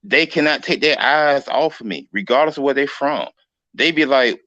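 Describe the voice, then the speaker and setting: A man's voice: mid-range voice, moderate pace, bright, forceful tone, no echo, highs cut off. A man who talks in a boastful, brash way in a casual group debate, often repeating himself.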